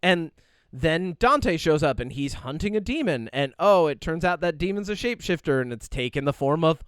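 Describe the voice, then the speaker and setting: A man's voice: on the high side, expressive, normal speed, fairly bright tone, clean tone, no room sound, studio quality. A man co-hosting a podcast in casual chat, rambling animatedly with lots of fillers and quoted asides. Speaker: podcast co-host.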